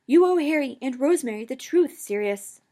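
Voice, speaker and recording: A woman's voice: high-pitched, expressive, brisk, warm tone, pitched above the performer's own voice. A woman voicing a stern male teacher who roars and pants as he argues. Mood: urgent. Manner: roaring, panting. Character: stern male teacher friend, roaring urgently.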